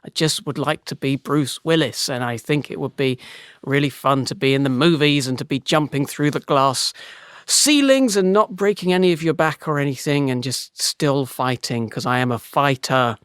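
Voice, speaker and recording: A man voicing a hyper, moon-obsessed grown man who keeps insisting he is fine, excitable and defensive. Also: medium pitch, moderate pace, smooth, dry recording, clean studio sound, lightly acted.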